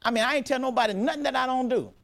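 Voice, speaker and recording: A man's voice: very high-pitched, very fast, fairly bright tone. A middle-aged man preaching a sermon as a pastor, emphatic and repetitive, often restarting his sentences.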